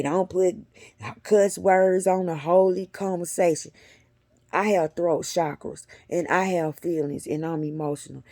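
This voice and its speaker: A middle-aged woman telling a spiritual story to her viewers in a blunt, animated way, cussing freely and sometimes dropping into a whisper. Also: sits low, no echo. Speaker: spiritual vlogger.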